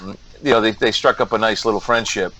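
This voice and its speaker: A man's voice: fairly low pitch, steady tone, fairly quick, sharp tone. A man co-hosting a podcast, telling a locker-room story with enthusiasm and prompting the guest. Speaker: podcast co-host. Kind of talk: casual podcast chat.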